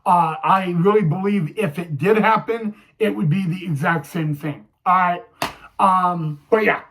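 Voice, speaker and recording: A young man telling a personal story to camera, halting, with many fillers and restarts. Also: high voice, fairly bright tone, slight background noise, rough recording. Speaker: vlogger.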